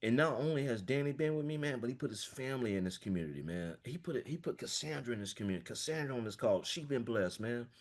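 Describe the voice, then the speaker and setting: A man's voice: mid-range voice, animated, quick pace, few pauses. A man, a financial coach giving a passionate, emphatic motivational talk over a video call, peppered with "man". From small-town Florida, US.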